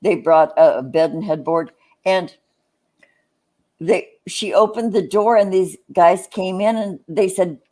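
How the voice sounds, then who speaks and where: A woman's voice: fairly low pitch, unhurried, mellow. A woman in casual chat, rambling through an anecdote with many restarts. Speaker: live stream chat participant.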